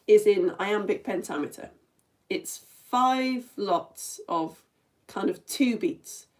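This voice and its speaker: A woman's voice: mid-range voice, expressive, measured pace, mellow. Playful woman teaching a live lesson. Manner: chatty, playful, taps out rhythms aloud. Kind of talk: live online lesson for all ages.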